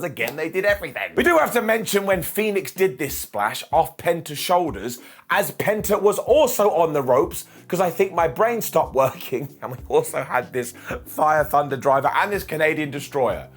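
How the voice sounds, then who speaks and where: A man reviewing wrestling with a lively, swooping voice that sits a little high for a man. He talks in an excitable, jokey, self-mocking way. Faint music plays under him. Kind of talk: enthusiastic solo review. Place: lounge at home.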